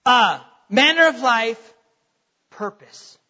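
High, bright-voiced man preaching in a hall. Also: lively intonation, slow. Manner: emphatic preaching with rising rhetorical questions. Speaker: pastor. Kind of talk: sermon. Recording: long hall reverb, dull lo-fi sound.

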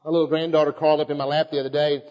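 An older man preaching a fervent sermon to a congregation, calling out to them and reading scripture aloud in a measured cadence. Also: on the high side, level tone. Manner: fervent, exhorting preaching with rhetorical calls to the congregation. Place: church hall before a congregation. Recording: echoey hall, dull lo-fi sound.

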